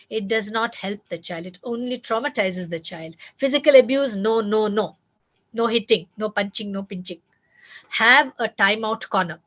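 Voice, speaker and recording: A woman's voice: mid-range voice, dull audio. A woman giving earnest, emphatic parenting advice, repeating key words and speaking directly to listeners. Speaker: parenting coach.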